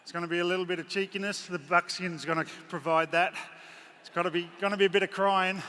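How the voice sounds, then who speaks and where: A man's voice: sits high, steady tone, quick pace, sharp tone, slight background noise. Emotional, joking Australian horseman. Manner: emotional, joking, chatty storyteller. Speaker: horse trainer giving a clinic. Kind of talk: live clinic commentary from horseback. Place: large indoor horse arena. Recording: echoey arena with faint ambience.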